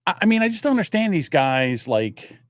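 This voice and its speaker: A man's voice: high-pitched, very animated, brisk, no echo, studio quality. A man in his sixties hosting a livestream, telling rambling stories in casual chat and swearing freely. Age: 60s. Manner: profane, rambling storyteller. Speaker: livestream host.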